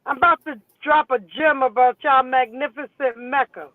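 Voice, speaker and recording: A woman's voice: high-pitched, normal speed, no room sound. A woman co-hosting a casual chat, hyping listeners up and telling stories in a playful, chanting way. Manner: hypes up the audience with playful chants. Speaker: co-host. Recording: tinny phone line, dry.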